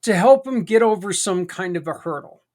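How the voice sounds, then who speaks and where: A man's voice: high-pitched, animated, normal speed, darkish tone. Folksy man hosting a podcast. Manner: conversational, folksy, rambling with asides. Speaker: podcast host. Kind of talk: casual monologue.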